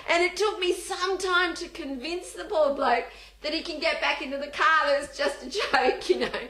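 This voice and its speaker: Bright, high-voiced Australian woman storyteller. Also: moderate pace, reverberant. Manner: animated, laughing, acts out voices in her stories. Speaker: speaker. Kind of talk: humorous storytelling talk.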